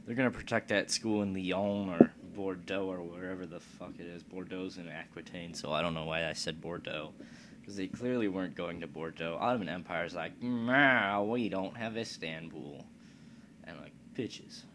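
A man with a low voice talks at a normal speed while casually commenting on a strategy game in a let's play, muttering crude, profane jokes and asides to himself. Steady background noise runs under the recording.

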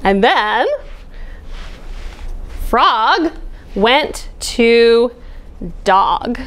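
A woman's voice: a little high, slow, long pauses. Sing-song woman reading to children. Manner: expressive, sing-song storytelling. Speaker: children's librarian. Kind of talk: reading a picture book aloud.

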